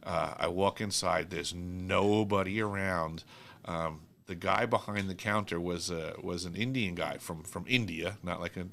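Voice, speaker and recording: A man's voice: sits low, gravelly, sharp tone. A man from New York hosting a casual chat, telling rambling stories with lots of fillers and easy laughter. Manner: rambling storyteller, laughs easily, many fillers. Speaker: host.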